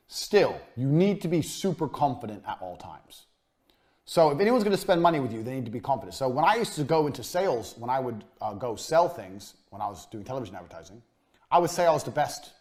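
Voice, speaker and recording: A man giving a recorded business lesson, blunt and emphatic, swearing freely, his voice often trailing off quieter at the ends of lines. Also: medium pitch. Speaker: business coach.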